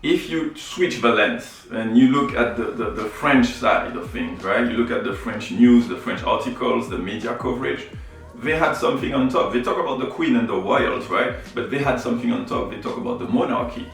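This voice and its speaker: A man's voice: mid-range voice, lively intonation, moderate pace, creaky, very echoey, distant mic, faint music behind, poor audio. A man from Martinique who runs a photography channel, explaining his views in a reflective vlog, often checking in with "right?" and "you know". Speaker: photography YouTuber.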